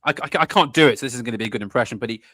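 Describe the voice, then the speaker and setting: A man co-hosting a casual podcast chat, excitable and often searching for words. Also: medium pitch, rapid-fire, no echo. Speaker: podcast co-host.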